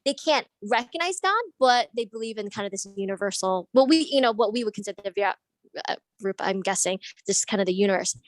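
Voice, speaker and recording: A woman's voice: mid-range voice, expressive, quick pace, no echo, rough recording. A woman earnestly asking a long question in an online group discussion, thinking aloud with restarts as she searches for words. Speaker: audience member asking a question.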